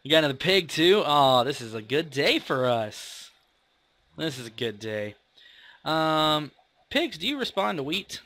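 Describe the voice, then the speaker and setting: A young man talking through a game as he plays, chatty and rambling and quick to poke fun at himself. His voice is bright and tense-edged, swinging up and down in pitch with plenty of life. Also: big pitch swings, no room sound. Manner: rambling, chatty, self-mocking. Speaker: gaming video host. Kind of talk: casual let's-play commentary.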